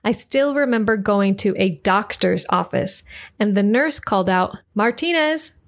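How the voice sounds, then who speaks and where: A woman's voice: mid-range voice, normal speed. Bilingual woman teacher hosting a podcast. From United States. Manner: friendly, clear explaining, switches between English and Spanish. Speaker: English teacher, podcast host.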